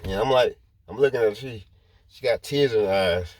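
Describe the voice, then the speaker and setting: A man's voice: fairly low pitch, a little fast. A man rambling through a personal story to his viewers in casual talk, repeating himself as he goes. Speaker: vlogger.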